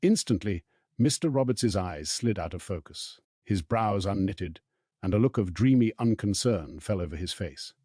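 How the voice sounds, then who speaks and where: A man narrating an audiobook in a steady, storytelling read. His voice sits deep and a little husky. The sound is dry and close. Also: normal speed, no echo.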